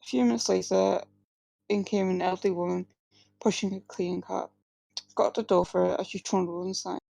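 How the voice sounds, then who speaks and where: Woman reading her story aloud, gravelly. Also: medium pitch, steady tone, a little fast, warm tone, no echo, poor audio. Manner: plain reading with slips and restarts, few distinct character voices. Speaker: author reading her own work. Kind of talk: live reading of first-person fiction.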